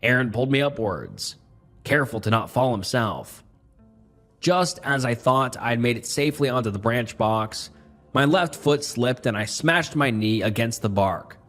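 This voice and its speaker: A man's voice: medium pitch, lively intonation, moderate pace, a bit bright. Man narrating a tense horror story. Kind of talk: scripted first-person horror narration. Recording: faint music bed behind the voice. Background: faint background music.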